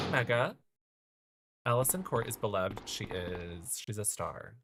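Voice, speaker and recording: Campy woman streamer with a very low voice. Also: lively intonation, a little slow, fairly bright tone, a little hiss or hum. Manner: campy, sassy, chatty. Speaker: livestreamer. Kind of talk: casual livestream commentary.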